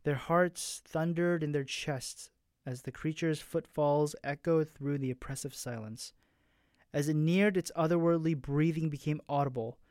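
A man reading aloud an excerpt of his own story in a soft, hushed way, with small slips and restarts. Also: a little high, dry recording, studio quality.

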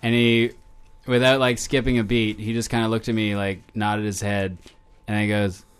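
A man's voice: on the low side, level tone, normal speed, clean tone. A man co-hosting a campus radio show in casual chat, telling stories in a dry, wry way. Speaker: radio co-host.

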